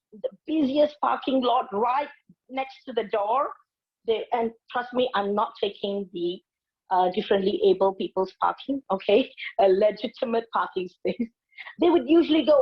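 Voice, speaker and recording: A woman in her forties delivers a motivational speech at an unhurried pace, her voice slightly husky and a touch high. She tells her story with lively expression. The sound is muffled, like lo-fi streamed audio. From Malaysia. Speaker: invited speaker, public speaking teacher.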